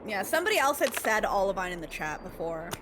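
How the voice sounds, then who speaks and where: A woman's voice: medium pitch, big pitch swings, fast talker, background noise. A woman co-streaming a game in casual chat, playful and exclamatory, often laughing.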